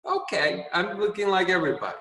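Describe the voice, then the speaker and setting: A man's voice: high-pitched, quick pace, gravelly, pushed and bright, reverberant, long reverb tail, recorded from a distance, low-quality recording. A man chairing a company video call, giving an earnest, repetitive motivational talk and laughing at his own jokes. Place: training room.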